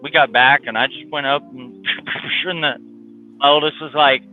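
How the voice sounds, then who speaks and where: A man speaks over a thin, phone-like line in a casual chat. He tells animated stories with frequent restarts and fillers. Faint music plays underneath. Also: measured pace. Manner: animated storyteller, imitates his daughters in a high voice. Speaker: guest, father of two.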